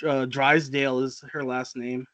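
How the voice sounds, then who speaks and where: A man co-hosting a casual podcast chat, animated and laughing, often mimicking movie characters. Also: medium pitch, measured pace. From Trinidad. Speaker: podcast co-host.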